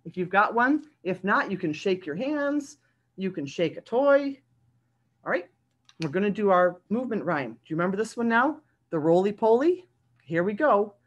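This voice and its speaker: Animated story time librarian woman. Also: mid-range voice, normal speed, highs cut off. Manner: animated, talking to young children. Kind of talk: read-aloud story time for kids. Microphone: video call.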